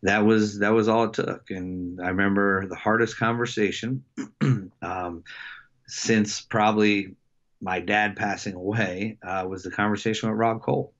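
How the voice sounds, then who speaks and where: Middle-aged guy, really low voice, stops and restarts a lot, kinda muffled podcast sound. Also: steady tone. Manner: reflective, halting with many fillers and restarts. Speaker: wrestling head coach, podcast guest. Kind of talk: casual storytelling interview.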